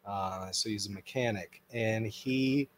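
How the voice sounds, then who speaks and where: A man's voice: fairly low pitch, slow. A man from Israel, hosting a casual chat and prompting with short questions. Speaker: host. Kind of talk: casual conversation.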